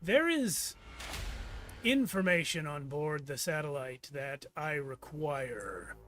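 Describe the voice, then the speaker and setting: A man voicing a grim, businesslike male gang member in a tabletop game, speaking formally with slow, measured hesitations. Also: fairly high pitch, animated, pushed and bright, heavily acted.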